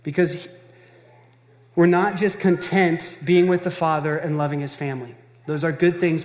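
A man's voice: fairly high pitch, fairly even intonation, normal speed, darkish tone, big-room sound. A man preaching a sermon as pastor, earnest and emphatic, talking in a conversational way and repeating phrases for stress.

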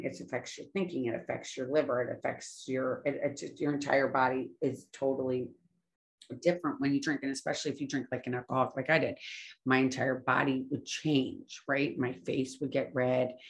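A woman speaking casually and earnestly about staying sober, often trailing off and correcting herself as she goes. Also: extremely low pitch. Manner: earnest, rambling, self-correcting. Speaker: recovery speaker. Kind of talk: casual spoken talk on sobriety.

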